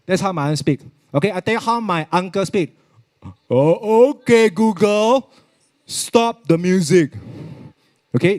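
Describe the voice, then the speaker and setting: A man with a Singaporean English accent giving a chatty live product demo, repeating himself and slipping into Mandarin. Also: sits high. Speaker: product presenter at a virtual expo.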